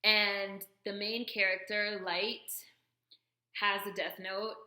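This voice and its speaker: A woman vlogging casually as she unboxes a package, chatty and excitable, with lots of "like" fillers. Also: mid-range voice, takes it slowly. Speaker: YouTuber. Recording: echoey room.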